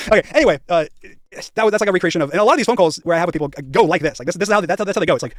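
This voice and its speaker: A man's voice: high-pitched, animated, racing, no room sound, clean studio sound. A young man streaming, rambling and emphatic, swearing and acting out his past conversations. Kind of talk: casual live-stream rant.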